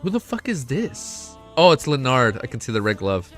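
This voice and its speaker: A young man hosting a casual livestream, excitable and swearing often, reading chat aloud. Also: medium pitch, normal speed. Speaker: livestream host. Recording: faint music behind.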